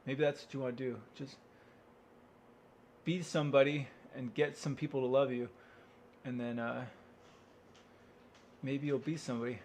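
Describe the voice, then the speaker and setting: A man's voice: mid-range voice, steady tone, normal speed, long pauses, darkish tone, a little hiss or hum. Man rambling wryly to himself. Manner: rambling, self-interrupting, wry, swears and laughs. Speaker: vlogger. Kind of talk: casual rambling monologue.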